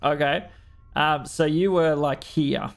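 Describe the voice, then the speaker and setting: Slow, gravelly Australian game master. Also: male voice, on the high side, fairly even intonation, faint music behind. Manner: unhurried, fumbling with software between rulings. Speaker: dungeon master. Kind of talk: running a tabletop game online.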